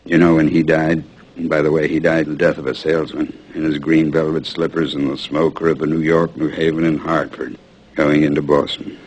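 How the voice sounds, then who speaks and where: An actor in his sixties playing a worn-out, proud old salesman who rambles, pleads and bursts into shouting. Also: a bass voice, flat delivery, fairly quick, poor audio. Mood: wistful. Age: 60s. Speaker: aging traveling salesman. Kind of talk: film drama acting.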